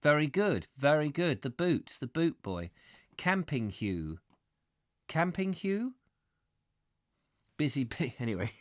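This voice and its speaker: A man's voice: on the high side, big pitch swings, takes it slowly, long pauses, dry recording, clean studio sound. A man hosting a live stream, reading a book aloud and breaking off for playful, rambling asides to his viewers.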